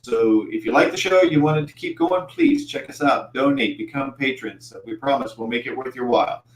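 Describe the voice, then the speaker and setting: A man's voice: mid-range voice, big pitch swings, brisk. Hesitant man narrating as game master. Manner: hesitant narration full of ums and uhs. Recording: roomy echo, faint background hum.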